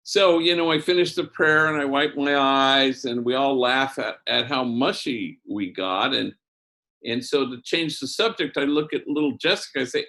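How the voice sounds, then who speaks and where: Male priest, animated storyteller, mid-pitched voice. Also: moderate pace. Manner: animated storyteller with wide swings in pitch and loudness. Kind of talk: storytelling talk.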